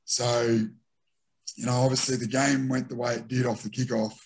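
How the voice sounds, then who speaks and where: Animated and casual in interview, a middle-aged Australian ex-rugby league player recounts career tales and re-enacts his teammates' quotes. He speaks at normal speed in a slightly rough, medium-pitched voice.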